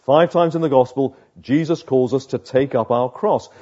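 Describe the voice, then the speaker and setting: A man preaching a sermon, slow and emphatic, with dramatic pauses between phrases. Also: medium pitch, warm tone, muffled recording.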